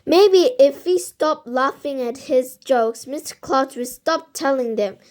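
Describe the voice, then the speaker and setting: A woman reading a children's book aloud, halting now and then with slips and restarts. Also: high voice, darkish tone. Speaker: reader.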